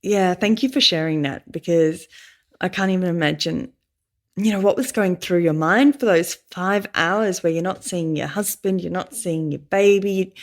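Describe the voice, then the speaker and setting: Gentle woman podcast host. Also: fairly low pitch, moderate pace. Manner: gentle, sympathetic questions. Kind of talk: podcast interview.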